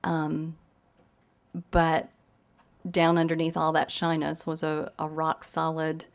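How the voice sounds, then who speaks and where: A soft-spoken woman with a fading Southern lilt and a slightly low voice. She speaks at a university event, thoughtful and gentle, with pauses. When she reads her fiction aloud, she slows into an unhurried, lyrical pace. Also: monotone, gravelly. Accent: Southern US, softened. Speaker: visiting novelist. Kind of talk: talk with questions, then reading her fiction aloud. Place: university lecture hall.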